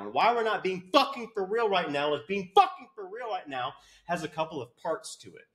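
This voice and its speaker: A man's voice: sits high, big pitch swings, a little fast, few pauses, a bit bright. A man ranting crudely to camera as a fitness coach, swearing and mocking his viewers. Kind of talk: profane comedic rant to camera.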